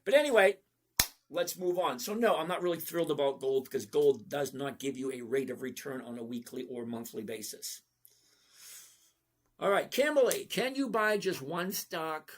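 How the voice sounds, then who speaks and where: A man's voice: fairly high pitch, animated, normal speed, a little hiss or hum. A man in his sixties hosting a live trading stream, chatting casually and answering viewers by name. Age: 60s. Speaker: stock trading livestream host.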